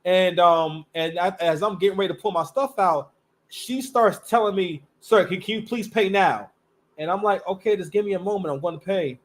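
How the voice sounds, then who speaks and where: High-voiced man rambling through stories. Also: brisk. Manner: loose, rambling, full of restarts and slang. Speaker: live stream host. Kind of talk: casual storytelling monologue.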